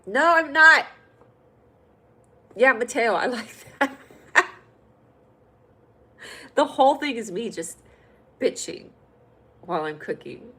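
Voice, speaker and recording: Speaking slowly with long pauses, a California comedy livestream host uses a fairly high, breathy voice as she reads comments and jokes with viewers. Her manner is playful and at times lively and loud, though the audio is poor.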